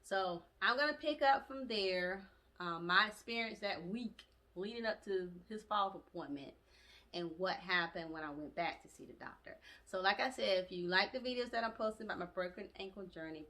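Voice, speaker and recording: A woman vlogger telling a personal story in a chatty, animated way, with colloquial asides and laughter. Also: mid-range voice, moderate pace. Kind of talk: casual storytelling to camera.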